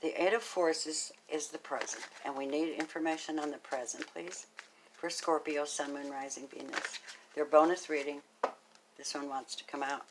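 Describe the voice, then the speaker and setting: A woman with a deep, low-set voice talks her viewers through a tarot spread in an easygoing, conversational way. She is warm toward her listeners, muses aloud over each card, and slips into hushed, breathy asides now and then. A faint background hiss sits under the recording. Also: fairly even intonation, normal speed. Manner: chatty and affectionate, thinks aloud, drops into soft half-whispered asides. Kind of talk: casual spoken tarot reading to camera.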